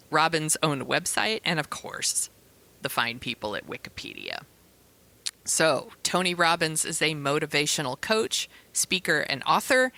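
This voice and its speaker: Bright-voiced woman co-hosting. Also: sits low. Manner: chatty, playful, reads lists of sources. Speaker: podcast co-host. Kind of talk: casual podcast chat.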